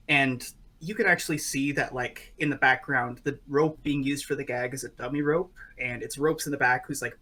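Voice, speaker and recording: A man's voice: medium pitch, sharp tone. A man running a tabletop game as game master, narrating in a rambling way with many fillers.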